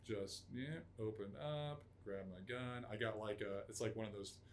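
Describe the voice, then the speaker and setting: Interview guest: man, 30s, lowish voice, profane raw storytelling, faint room noise behind. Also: moderate pace. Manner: raw, profane, acts out quotes in loud outbursts. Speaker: podcast guest, Army veteran.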